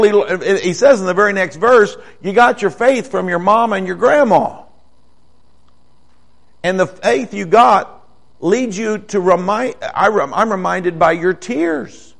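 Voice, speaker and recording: A man's voice: sits high, gravelly. An older man preaching a folksy, conversational sermon, asking the congregation questions.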